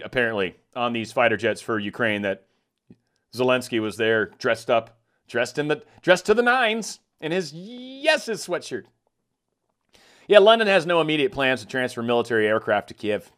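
A man's voice: mid-range voice, a bit bright. A man giving casual, sarcastic political commentary, ranting and mocking.

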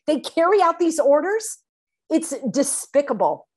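A woman hosts her own show and delivers an indignant, emphatic monologue. Her voice sits a little high. She stacks up repeated phrases to push her outrage. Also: big pitch swings, moderate pace. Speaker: online show host. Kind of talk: commentary monologue.

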